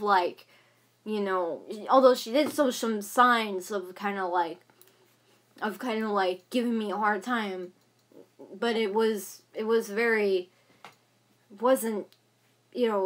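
A woman's voice: a little high, a bit bright. A young woman of about twenty venting angrily on her vlog, talking in rambling bursts full of fillers and repeats. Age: young adult. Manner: agitated ranting, many fillers and repeats. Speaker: vlogger.

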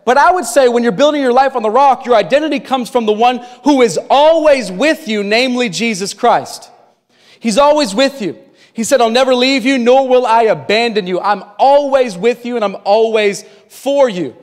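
A pastor with a high voice preaches a sermon at a moderate pace in a large hall, and the long reverb trails after his words. His delivery is impassioned, swinging from loud to hushed.

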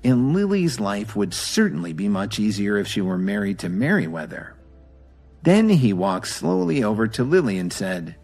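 A man narrating an audio drama in a dramatic, expressive storytelling manner. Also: fairly low pitch, moderate pace, breathy edge, faint music behind.

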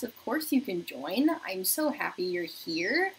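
A young woman hosting a beauty livestream from her apartment, chatting casually while doing her makeup and reading viewer comments aloud, sometimes dropping to a soft murmur. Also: mid-range voice, sing-song, measured pace, husky, rough recording. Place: home apartment.

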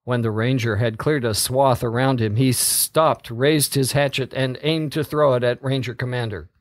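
A man reading a story aloud as narrator, in a slow, steady delivery. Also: mid-range voice, no echo, studio quality.

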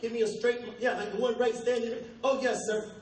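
A man's voice: very high voice, fairly even intonation, a little mellow, a little hiss or hum. An older man performing live stand-up comedy, joking loosely and teasing the crowd, his voice worn from weeks of touring. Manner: loose, playful crowd work with quick asides to the audience. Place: comedy club stage before a live audience. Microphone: handheld stage mic. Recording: echoey club recorded from a distance. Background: audience laughter and room ambience.

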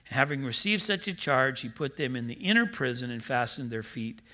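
Bright, emphatic male pastor preaching. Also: medium pitch, moderate pace. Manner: animated, mimics voices in quotes, emphatic asides. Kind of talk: sermon. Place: church.

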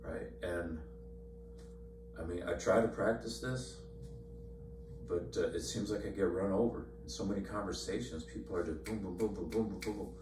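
In a church meeting room, a man leads an informal Bible study, speaking conversationally with lots of fillers and repeated words. His voice is low at a normal speed, and the recording is echoey, distant from the mic, with a faint hum.

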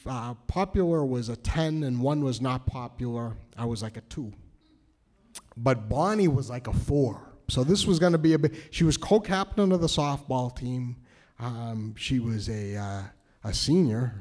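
A man telling a personal story on stage, animated and self-mocking, often laughing as he talks. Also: medium pitch. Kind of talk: live storytelling. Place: stage in a cultural center.

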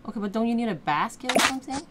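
A young adult woman plays a game with her child, chatting casually as she coaches, encourages, and exclaims to cheer her on. Her voice is a little high, expressive and rapid-fire, with loud background noise in the recording.

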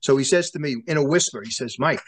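Animated New man telling stories. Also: medium pitch, fast talker. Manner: animated storyteller who acts out quoted dialogue, many restarts. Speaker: former prosecutor, guest. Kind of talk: storytelling in a sit-down interview.

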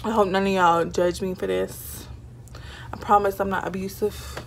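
A young woman talks straight to her camera in a relaxed storytime vlog, chatty and full of fillers. Her voice sits at a middle pitch for a woman. A faint hiss sits under the recording. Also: a little slow. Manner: chatty, animated, many fillers like "like" and "y'all". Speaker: vlogger. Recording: faint background noise.

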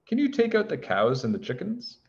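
A man's voice: high-pitched, wildly swooping pitch, a little fast, a little mellow, lo-fi sound, voice pushed up. A man voicing a whiny, grumpy young dog. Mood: exasperated.

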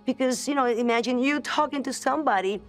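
Halting woman over background music. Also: high voice. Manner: halting, repeats words and restarts often. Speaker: celebrity guest recounting a ghost story. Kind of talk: documentary interview testimony. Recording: music bed under the voice.

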